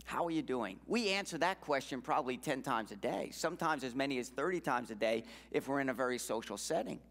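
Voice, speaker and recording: Male guest speaker, emphatic motivational church talk, medium pitch, reverberant hall. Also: animated, fast talker, creaky, fairly bright tone. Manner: earnest, emphatic, repeats phrases.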